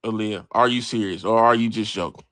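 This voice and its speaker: A brash man riffs to his live chat in a fairly low voice, speaking briskly in clean studio sound with no room tone. As a livestream host he talks sports casually and profanely, animated, reading and answering chat while swearing freely.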